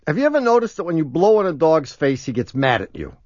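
A man's voice: a little high, very animated, quick pace, a little mellow, no room sound, lo-fi sound. A man co-hosting a radio show, teasing and laughing constantly as he jokes. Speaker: radio co-host. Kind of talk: joking radio banter.

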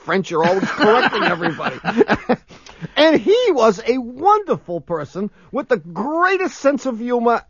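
A man's voice: extremely high pitch, very animated, moderate pace, muffled recording, crowd noise. A man co-hosting a radio show, teasing and laughing constantly as he jokes. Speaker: radio co-host. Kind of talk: joking radio banter.

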